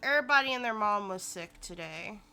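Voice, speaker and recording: Bright, bubbly woman streamer. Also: mid-range voice, fairly quick, vocal fry, soft background music. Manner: giggly, animated, swears freely. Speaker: VTuber streamer. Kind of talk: casual game-stream banter.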